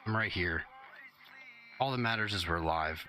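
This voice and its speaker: A man's voice: deep voice, normal speed, noisy background. A man hosting a casual crypto live stream, chatty and slangy, a bit out of breath and just woken up.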